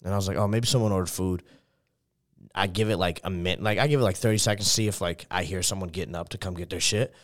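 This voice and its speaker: A young man with a Texan accent telling a rambling story in casual chat, full of fillers and swearing. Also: sits low. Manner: fast rambling anecdote full of fillers and profanity.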